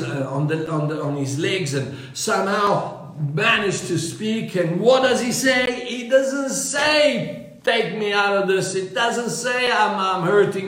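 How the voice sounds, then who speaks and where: A man preaches with fervour, circling back on his words and restarting his phrases as he builds each point. His voice sits a little high for a man. It rings through a very echoey room. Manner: fervent, restless preaching with many repeated words and restarts. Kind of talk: sermon.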